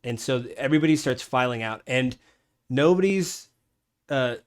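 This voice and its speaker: A man's voice: medium pitch, lively intonation, normal speed. A man narrating as game master of a tabletop game online, rambling with many ums and restarts.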